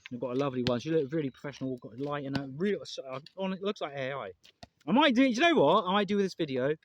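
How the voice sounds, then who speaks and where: A man's voice: a little high, expressive, quick pace, lo-fi sound, slight background noise. A man talking to camera in a casual, rambling vlog, earnest and emotional, often repeating himself and swearing. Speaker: vlogger.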